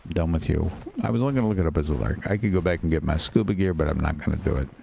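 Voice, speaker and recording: Deep gravelly man talking over gameplay. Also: a little mellow, a little hiss or hum. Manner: muttering to himself, quick to get frustrated and swear. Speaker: gaming channel host. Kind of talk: casual gameplay commentary.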